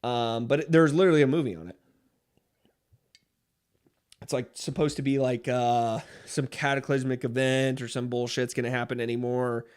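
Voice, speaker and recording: A man's voice: medium pitch, fairly even intonation, normal speed, darkish tone, smooth. A man hosting a livestream, reading chat and ranting in a profane, fired-up way. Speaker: livestream host.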